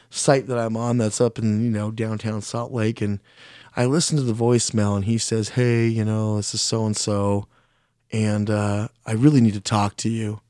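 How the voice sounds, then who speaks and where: In a clean, studio-quality recording with no room sound, a mellow mid-range male voice spins a lengthy casual story. Of Mexican heritage, he rambles, curses often, speaks frankly and bluntly, and is openly self-critical.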